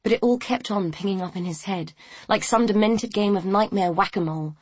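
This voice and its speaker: A woman reading a novel aloud in a measured, even storytelling manner. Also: medium pitch, slightly rough, dry recording. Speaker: audiobook narrator. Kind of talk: scripted narration.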